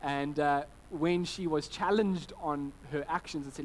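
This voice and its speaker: A man in his thirties preaching a sermon, telling family stories between scripture readings and acting out quoted voices with lively restarts. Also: fairly high pitch, a little fast, few pauses, slight background noise, poor audio. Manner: conversational preaching with anecdotes, frequent restarts and animated quoted voices. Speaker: pastor.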